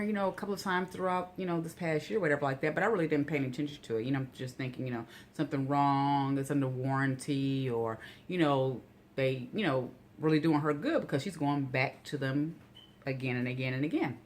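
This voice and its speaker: A woman vlogger telling a rambling, casual story full of "you know" asides, getting animated and incredulous when outraged. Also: sits low, a little hiss or hum.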